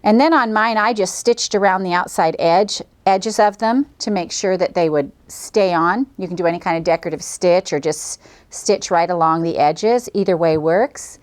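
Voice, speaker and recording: Speaking at a moderate pace in a lowish register, this middle-aged woman demonstrates quilting one step at a time. Her tone stays cheerful and folksy throughout the friendly lesson.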